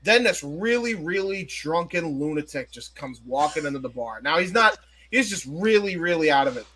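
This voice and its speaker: A man co-hosting a live wrestling watch-along, chatting casually and telling a joke with animated restarts. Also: on the high side, normal speed.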